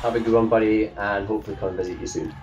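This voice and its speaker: A man's voice: on the low side, steady tone, rapid-fire, recorded from a distance, loud music behind the voice, rough recording. A Scottish man giving an enthusiastic greeting and points. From Scotland.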